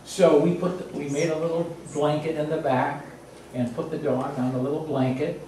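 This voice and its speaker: A man's voice: fairly high pitch, little pitch movement, normal speed, dark tone. Man telling a story in an echoey room. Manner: plain, repetitive storytelling, builds suspense. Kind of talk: casual spoken personal anecdote. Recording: very echoey room, distant mic, faint noise.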